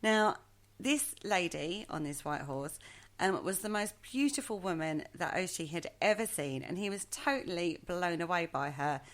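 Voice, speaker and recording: A woman's voice: fairly low pitch, expressive, moderate pace. A woman co-hosting a podcast, telling a legend in a chatty, hesitant way and poking fun at her own pronunciation. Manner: hesitant, chatty, self-mocking. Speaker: podcast co-host. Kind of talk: casual storytelling chat.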